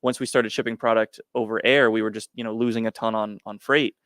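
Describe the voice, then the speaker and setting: A man's voice: on the low side, steady tone, a little fast, fairly bright tone, no echo, clean studio sound. A man being interviewed as an entrepreneur on a podcast, answering in a plain, matter-of-fact way with frequent "um" and "uh.". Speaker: guest entrepreneur.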